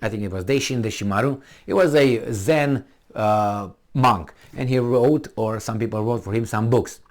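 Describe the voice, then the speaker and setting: Heated, profane man ranting. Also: on the low side. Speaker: commentator. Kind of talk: opinion rant.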